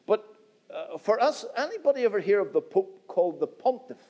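A middle-aged man with a Northern Irish accent preaches an evening church sermon in a notably high voice. His delivery swells and drops in a steady preaching cadence, and he keeps turning to the congregation as "my friend". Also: a little fast. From Northern Ireland. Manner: rising and falling preaching cadence, repeats "my friend". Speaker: visiting preacher.

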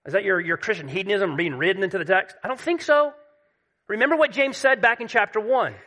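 A male preacher delivers a sermon in a high, bright voice, building emphatic lists and repeated phrases. At key moments he sinks into a quiet hush. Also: fast.

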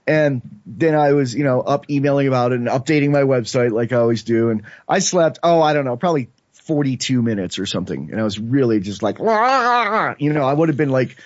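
A man's voice: mid-range voice, quick pace, no echo. A man, a filmmaker and podcast guest, telling a rambling story in casual chat and acting out quotes. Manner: rambling, animated, acts out quotes. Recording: dull lo-fi sound, dry.

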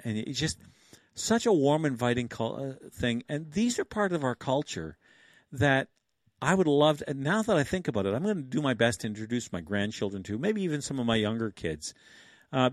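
A man's voice: mid-range voice, no room sound, clean studio sound. Rambling older man on a livestream. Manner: rambling, chuckling, thinks aloud. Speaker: livestream host. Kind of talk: casual livestream chat.

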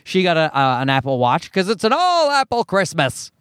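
A man with a Newfoundland accent, hoarse from a cold, hosting his podcast in a rambling, profane, self-mocking chat. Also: fairly high pitch, huge pitch swings, moderate pace, fairly bright tone, dry recording, clean studio sound. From Newfoundland, Canada. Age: adult, married. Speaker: podcast host. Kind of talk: casual solo podcast chat.

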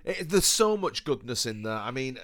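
A man's voice: mid-range voice, very animated, normal speed, fairly bright tone, no echo. A man co-hosting a casual chat, reflective and chatty, with sudden exclamations. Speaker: podcast co-host. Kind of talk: casual chat about old British television.

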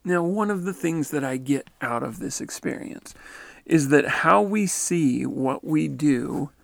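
Gravelly man musing aloud. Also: fairly high pitch, animated, a little slow, dry recording. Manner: musing and tentative, often unsure. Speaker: commentator retelling a near-death account. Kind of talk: reflective spoken commentary.

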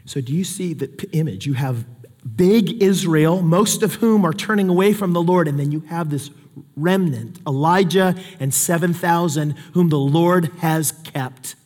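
A man preaching a sermon as a pastor, telling the story with animated, emphatic delivery. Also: on the high side, moderate pace. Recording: long hall reverb.

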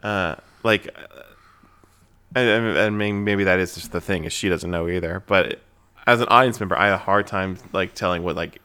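A man with a fairly low voice talking about a film in a relaxed chat. He speaks hesitantly, stumbling over words and circling back as he works out what he means. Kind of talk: casual movie review chat.

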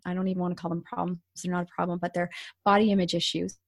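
A woman's voice: lowish voice, flat delivery, very fast, dry recording, studio quality. A middle-aged woman coach telling her own story as a podcast guest, candid and emphatic, acting out the things she once said. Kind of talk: personal storytelling in an interview.

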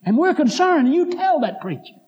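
A man's voice: very high voice, big pitch swings, moderate pace, darkish tone, long reverb tail, dull audio, voice pushed up. A male preacher voicing a worried grown daughter who complains indignantly about her mother.

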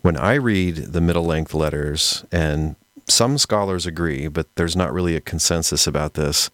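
A man hosting a podcast, explaining history in a measured, scholarly, conversational way. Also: very deep voice, a bit bright, no room sound, clean studio sound. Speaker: podcast host. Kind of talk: explanatory lecture-style podcast talk.

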